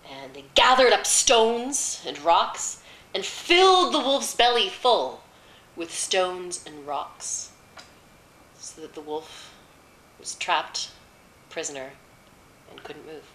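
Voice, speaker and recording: A woman's voice: fairly low pitch, sing-song, slow pace, pauses often, fairly bright tone, roomy sound, rough recording. A woman casually retelling a fairy tale off the cuff, chatty, with fillers and wry asides. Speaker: storyteller.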